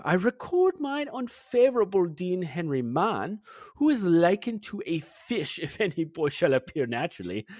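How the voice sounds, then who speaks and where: A man's voice: high voice, dry recording, studio quality. A man reading the message of a farmer from 1521 aloud in a put-on mock German accent, stumbling over the archaic wording. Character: English farmer man from 1521, old-fashioned, chatty.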